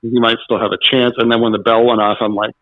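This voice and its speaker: A man's voice: mid-range voice, quick pace, dry recording. Dry, muffled man telling stories. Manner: animated, acts out quotes with laughs. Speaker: podcast guest. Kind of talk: casual storytelling interview. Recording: dull, dry lo-fi sound.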